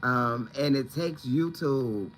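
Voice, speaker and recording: A man's voice: mid-range voice, slow pace, slight background noise, poor audio. A man chatting casually on a home livestream, rambling and greeting viewers by name. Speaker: livestream host. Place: at home, indoors.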